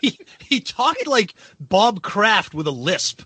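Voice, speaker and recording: Bright, lively-voiced man joking on a podcast. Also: high-pitched, takes it slowly, a little hiss or hum. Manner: joking, self-mocking storyteller. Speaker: podcast co-host. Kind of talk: casual chat.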